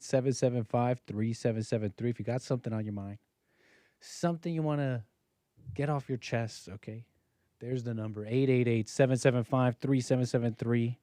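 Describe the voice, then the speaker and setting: A man's voice: medium pitch, warm tone, no echo. Chatty male live-stream host, dry sound. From United States. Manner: chatty, jumps between topics. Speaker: livestream host. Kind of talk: casual live-stream talk.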